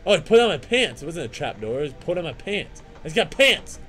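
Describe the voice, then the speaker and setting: A young man hosting a let's play, commenting on his game with excitable trash talk, jokey asides and sing-song chanting. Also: fairly high pitch, a little fast, hardly any pauses, soft background music. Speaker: gaming channel host.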